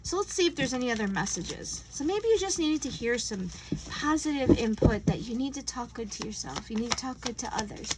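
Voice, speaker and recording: A woman giving a casual spiritual tarot reading, earnest and gentle, often acting out imagined conversations. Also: on the high side, expressive, a little fast, heavy background noise. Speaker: tarot reader.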